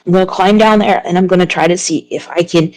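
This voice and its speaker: A woman's voice: lowish voice, fairly even intonation, fast talker, darkish tone, natural voice. A woman voicing a bumbling, kindly male toon in a tabletop game. He is flustered and keeps fumbling for words while trying to stay brave. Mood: nervous.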